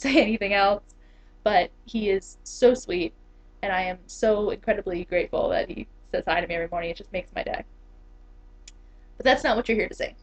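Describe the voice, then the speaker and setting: A young woman in her twenties, an English teacher, chatting casually to the camera with lots of fillers and laughs. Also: medium pitch. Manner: chatty, giggly, many fillers. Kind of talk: casual vlog talk. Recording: dull lo-fi camera audio.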